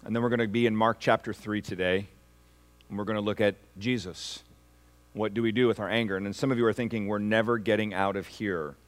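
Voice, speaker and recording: A man preaching a sermon as pastor, asking the congregation for responses and swinging from hushed, slow lines to loud, rising ones. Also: on the low side, fairly even intonation.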